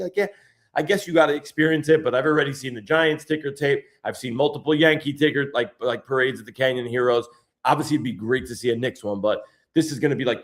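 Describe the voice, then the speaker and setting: A man hosting a podcast in casual chat, excitable and slangy, tossing "bro" around. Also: medium pitch. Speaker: podcast host.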